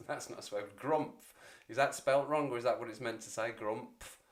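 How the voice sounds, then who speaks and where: This livestream host, a man in his forties, talks to viewers at a moderate pace with a medium-pitched voice. The chat is casual, wandering, and full of self-deprecation.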